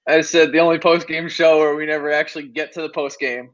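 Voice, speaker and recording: Sarcastic high-voiced man on a muffled line. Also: level tone, fast, a bit bright. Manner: sarcastic, exasperated, rhetorical questions. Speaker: podcast co-host. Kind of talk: casual sports podcast chat.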